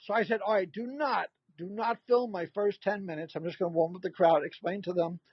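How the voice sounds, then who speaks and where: Older comedian, sixties, high voice, animated storyteller, dull dry audio. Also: male voice, brisk, breathy edge, dry recording. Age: 60s. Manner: animated anecdote-telling, acts out quoted voices. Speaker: comedian guest. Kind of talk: storytelling in a casual interview.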